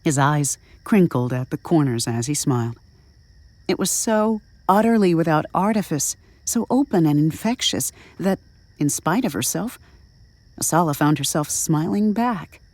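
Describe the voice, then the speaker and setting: A woman narrating an audio drama in a measured, even storytelling manner. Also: sits low, dry recording.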